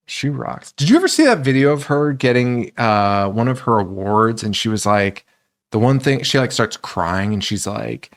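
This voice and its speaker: A man co-hosting a casual horror movie podcast, animated, laughing often and swearing freely. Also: medium pitch, normal speed. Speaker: podcast co-host.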